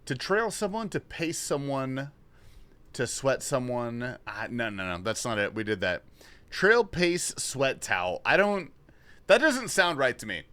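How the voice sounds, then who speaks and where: Casual male streamer, bright tone, slow drawl, thinks out loud, curses when stuck. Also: mid-range voice, big pitch swings. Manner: thinks aloud, swears when frustrated. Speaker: livestreamer. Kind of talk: casual livestream chat while playing a word puzzle.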